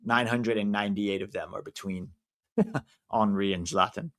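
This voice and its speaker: An American man commenting casually on a live football match for his stream viewers, reacting loudly to big moments. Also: fairly low pitch, fairly even intonation, normal speed. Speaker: watch-along streamer.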